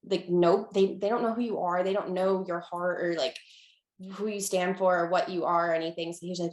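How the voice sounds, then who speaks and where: A young woman talking casually as an interview guest, with lots of fillers and restarts, getting lively when she quotes people. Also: lowish voice, fairly quick, echoey room.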